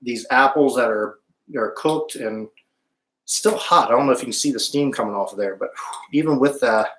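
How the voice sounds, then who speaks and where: Chatty and relaxed, a man running a live-stream cooking show talks to his viewers and pauses to hum as he tastes the food. His voice is mid-range and slightly bright at a moderate pace, recorded in a room with echo.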